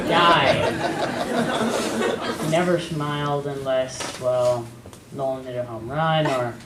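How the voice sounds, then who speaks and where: A young man speaks at a memorial in a halting, wry voice full of little pauses. He sounds distant and echoey in a big hall, with steady ambient noise underneath. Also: mid-range voice. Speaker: son of the deceased, speaking at the memorial. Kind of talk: memorial speech.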